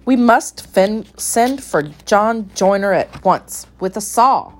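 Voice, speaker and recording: A woman's voice: medium pitch, takes it slowly, pitched above the performer's own voice, natural voice. A woman playing an anxious, bustling cousin. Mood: urgent. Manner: urgent, breathless pleading.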